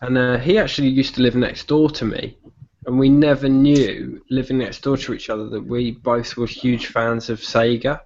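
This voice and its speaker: A man's voice: medium pitch, little pitch movement, moderate pace, darkish tone. A British man hosting a casual online chat, telling rambling anecdotes with plenty of fillers. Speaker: podcast host. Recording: slightly dull with faint noise.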